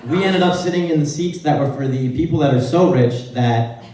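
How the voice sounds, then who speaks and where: A man in his twenties giving a lively storytelling speech at a celebration, heard from a distant microphone in a big room. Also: on the high side, fairly quick. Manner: animated, laughing storyteller. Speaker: speaker at a celebration event. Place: large echoey event room. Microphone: far from the mic. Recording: roomy echo, distant mic, faint room noise.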